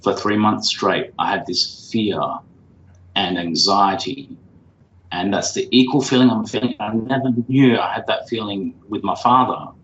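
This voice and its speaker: A man hosting the show, answering in short halting, emotional phrases while being guided through a healing session. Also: fairly low pitch, fairly bright tone. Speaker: host. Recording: roomy, dull lo-fi with faint hiss.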